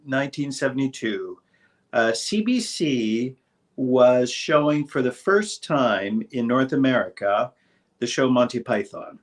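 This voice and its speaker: A man's voice: mid-range voice, expressive, measured pace. A man in his sixties, a guest actor in a casual interview, talking in a rambling, hesitant way with many fillers and restarts. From Saint Boniface, Manitoba, Canada. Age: 60s.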